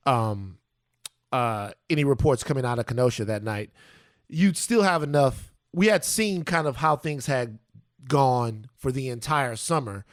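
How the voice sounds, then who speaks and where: A man co-hosting a podcast, talking in a casual, animated, playful way. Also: mid-range voice, no room sound, clean studio sound. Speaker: podcast co-host.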